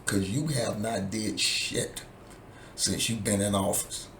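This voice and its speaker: This vlogger's voice is on the low side, slow and a bit bright as he angrily swears through a political rant that keeps looping back to the same points. The recording has an echoey room, faint ambience and slight background noise.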